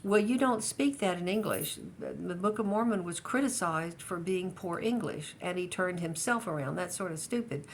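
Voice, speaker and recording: In a relaxed family interview, an older woman with a fairly low voice recalls her past, speaking at normal speed with few pauses. She sounds hesitant, with lots of fillers and restarted sentences, and a faint rumble hums beneath the recording.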